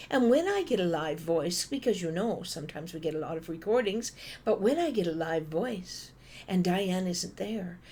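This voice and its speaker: A woman's voice: fairly low pitch, a little hiss or hum. A middle-aged woman from Canada giving a motivational talk, telling stories with playful asides. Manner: animated storytelling with playful asides. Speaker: speaker.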